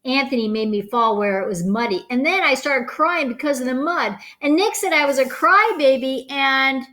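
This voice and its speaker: A woman reading a children's picture book aloud, expressive and playful, stopping to comment on the pictures. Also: high-pitched, normal speed. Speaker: storybook reader.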